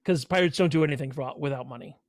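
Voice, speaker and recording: A man's voice: fairly high pitch, quick pace, no room sound. Rambling game master man, dry sound. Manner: rambling, filler-heavy storytelling. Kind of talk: narrating a tabletop game.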